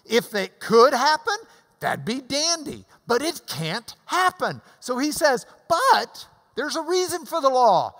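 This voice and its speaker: An older man in his sixties preaches in an unhurried way, his pitch swooping up and down as he stresses a point. He explains Greek words with homespun asides, and his voice rings out with a long hall reverb. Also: big pitch swings, fairly bright tone. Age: 60s. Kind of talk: sermon, verse-by-verse Bible teaching.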